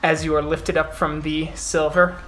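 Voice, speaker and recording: A man's voice: on the high side, little pitch movement, normal speed, a bit bright, faint music behind. A man narrating a tabletop role-playing game as game master.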